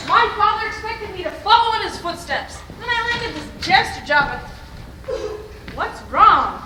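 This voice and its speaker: A woman's voice: very high-pitched, expressive, sharp tone, heavily acted. A young woman on a school stage playing a chatty court jester, rattling off playful guesses. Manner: quick, playful guessing patter. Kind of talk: amateur stage musical performance. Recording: echoey hall with noisy live ambience.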